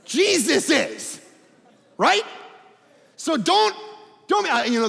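A middle-aged man preaching a sermon as a pastor, conversational and animated, dropping to a hush and then rising to a shout. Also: very high voice, measured pace, gravelly, pauses often. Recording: echoey hall reverb.

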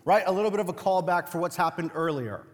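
Young guy preaching, pretty high voice, jokey chatty storyteller, big echoey hall. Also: quick pace. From Latino family. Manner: conversational, humorous storytelling preacher. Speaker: pastor. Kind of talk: sermon.

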